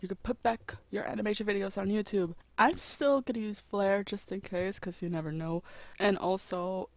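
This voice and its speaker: A woman making an unscripted vlog about animation, talking excitedly and exclaiming often. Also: medium pitch, normal speed, dry recording. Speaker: animation YouTuber.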